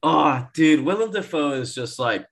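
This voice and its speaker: A man in casual chat about a movie, his pitch swinging up and down as he gets excited. He laughs a lot and swears freely, bursting into quoted lines. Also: normal speed, vocal fry.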